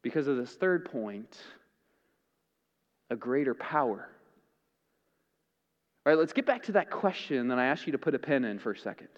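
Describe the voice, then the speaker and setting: Male pastor, dramatic sermon delivery, lively pitch, roomy dull hall sound. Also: moderate pace, long pauses. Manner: dramatic, swings from loud to hushed.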